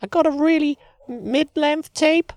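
A man putting on a squeaky voice as a laid-back male surfer. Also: fairly even intonation, unhurried, no room sound, clean studio sound. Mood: teasing.

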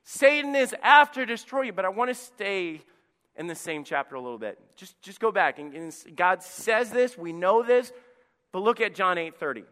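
A male pastor preaching a passionate sermon, swinging from quiet to loud. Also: high-pitched, big pitch swings, moderate pace. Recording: echoey church hall.

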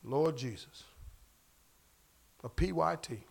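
A man's voice: a little high, slow, vocal fry, husky. A pastor preaching a sermon in church, casual and slangy, asking the congregation questions as he goes. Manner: call-and-response preaching, asks the crowd questions.

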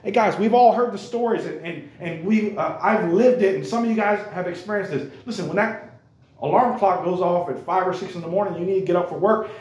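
An earnest man preaching to a youth group, his voice sitting a little higher than most men's. He drives his points home by repeating them and calling out to the room. The church around him adds a roomy echo. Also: a little fast, darkish tone. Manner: earnest and repetitive, keeps calling out to the listeners. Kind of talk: sermon to young people.

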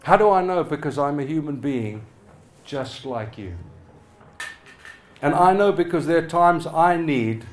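Middle-aged pastor, male, fairly high voice, preaching with passion, loud then hushed. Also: expressive, unhurried, pauses often. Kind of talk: sermon. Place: church hall with a congregation.

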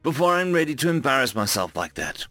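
A man's voice: medium pitch, sing-song, a little fast, a bit bright, no room sound, soft background music. A man playing a shaken reluctant hero. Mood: rueful.

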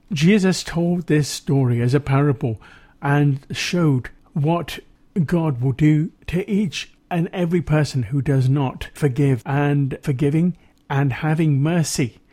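A man presenting a Christian radio show, reading Bible passages and preaching in a measured, earnest way. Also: fairly high pitch, warm tone.

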